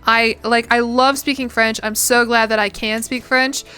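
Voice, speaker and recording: A young woman in her twenties with a bright, sharp voice and a slightly high pitch. She rambles and chats casually while gaming on stream, dropping the odd swear word. Faint music plays behind her. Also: steady tone, normal speed, clean tone. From United States. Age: 20s.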